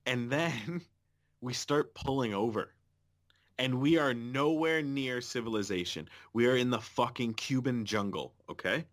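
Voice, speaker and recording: A man co-hosting a podcast, casually telling a lively travel story and swearing often. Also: medium pitch, measured pace. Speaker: podcast co-host.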